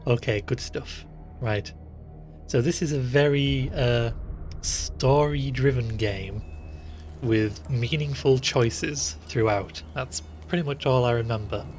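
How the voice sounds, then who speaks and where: A man's voice: mid-range voice, takes it slowly, a little mellow, faint music behind. A man casually commenting on a horror game as he plays it live, chatty and easily grossed out, often laughing. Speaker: game streamer. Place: room sitting in the dark.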